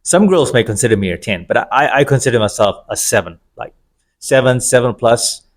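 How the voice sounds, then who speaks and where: A man's voice: mid-range voice, expressive, a little fast. A middle-aged man giving an opinionated, sarcastic monologue about dating, wandering into digressions. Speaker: vlogger. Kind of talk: casual monologue to camera.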